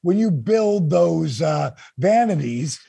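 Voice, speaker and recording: A man with a deeply raspy, gravelly voice spins a lively story, jumping up in pitch when he quotes people. He sits fairly high for a man and sounds close and dry on the mic. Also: slow, no room sound. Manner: animated, acts out quotes with big pitch jumps. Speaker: guest storyteller. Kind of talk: casual storytelling chat.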